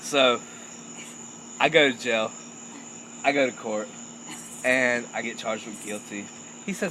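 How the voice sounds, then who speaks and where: A young man telling a crude, animated comic anecdote and laughing at his own jokes. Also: mid-range voice, unhurried, long pauses, slight background noise, low-quality recording. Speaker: storyteller.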